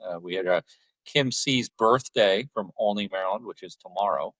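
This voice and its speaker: Low-voiced, meandering podcast host. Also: male voice, a bit bright, dry recording, poor audio. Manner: meandering, halting, repeats words. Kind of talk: casual podcast chat.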